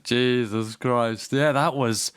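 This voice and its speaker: A man's voice: medium pitch, steady tone, takes it slowly, smooth, dry recording, studio quality. A British man hosting a casual podcast, joking around, laughing often and swearing casually. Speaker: podcast host. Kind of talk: casual chat.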